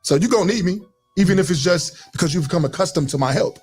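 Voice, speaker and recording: A man telling stories in casual chat, quick and animated, swearing freely. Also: high voice, slightly rough, faint music behind. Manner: storytelling with quoted voices, swearing.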